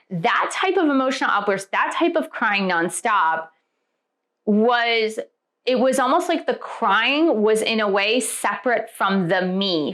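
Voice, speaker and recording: Woman telling her own story, open and chatty, lots of likes, mid-pitch voice. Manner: candid and expressive, with frequent "like" fillers. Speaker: spiritual teacher. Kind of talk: personal storytelling to camera.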